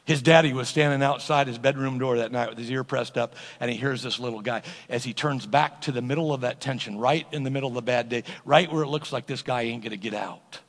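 A man's voice: medium pitch, brisk, hardly any pauses. A man preaching a sermon as pastor, emphatic and calling on his congregation to respond, in a church sanctuary with long reverb. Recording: long reverb of a large hall.

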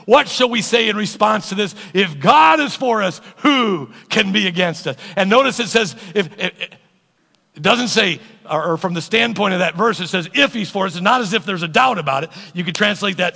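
A man's voice: high voice, gravelly, bright, forceful tone. A man preaching a sermon as pastor, emphatic and calling on his congregation to respond, in a church sanctuary with long reverb. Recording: long reverb of a large hall.

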